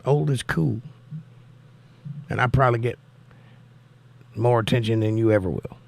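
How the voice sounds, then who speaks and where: An older man hosts a live chat stream, close to the mic. He greets viewers by name with upbeat, animated energy. His voice sits at an ordinary middle pitch. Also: normal speed, creaky. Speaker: host.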